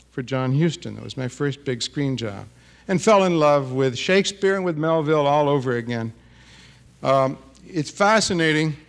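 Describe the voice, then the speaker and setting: Fiftyish writer guy giving a talk, kinda high voice, feisty, keeps going "huh?". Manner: animated, feisty, tags "huh?" after remarks. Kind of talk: lively speech to an audience.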